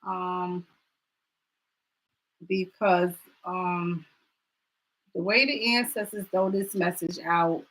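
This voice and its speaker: A woman's voice: on the low side, fairly even intonation, slow pace, long pauses, a bit bright, low-quality recording. A woman giving a card reading on a live stream, talking straight to viewers and reassuring them in casual chat.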